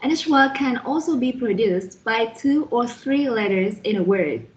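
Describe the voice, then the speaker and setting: Slow, high-voiced woman explaining phonetics. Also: animated, muffled recording. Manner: slow, careful, reads out spellings letter by letter. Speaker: student presenter reviewing a phonetics lesson. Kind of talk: slide-by-slide explanatory lesson.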